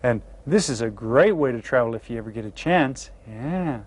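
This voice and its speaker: A man teaching a beginner language lesson to children, slowly and patiently sounding out each word. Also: medium pitch, expressive. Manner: slow, patient, carefully sounds out words. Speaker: Spanish teacher. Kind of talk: classroom video lesson.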